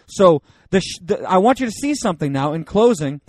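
A man's voice: high voice, very animated, fairly quick, hardly any pauses, a little mellow, no room sound. A man teaching a Bible study in a loose, joking, conversational way, reading scripture aloud with rising emphasis.

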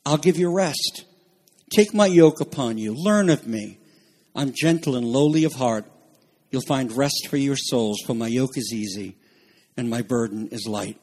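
A man's voice: medium pitch, darkish tone, breathy edge. A man preaching a sermon as pastor, reading scripture and explaining it earnestly, stressing key phrases with fillers and asides.

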